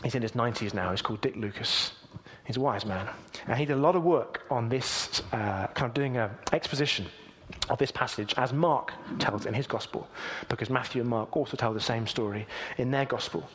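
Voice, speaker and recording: A man preaching a sermon earnestly, moving between emphatic lines and hushed, near-whispered ones. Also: medium pitch, brisk.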